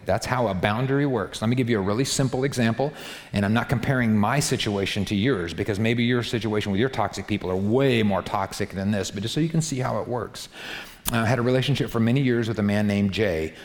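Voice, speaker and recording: Male pastor, lowish voice, emphatic and repetitive, preaching in a big echoing hall. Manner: emphatic, repetitive, talks straight to the congregation. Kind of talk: sermon. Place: large hall before a live congregation. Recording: long hall reverb.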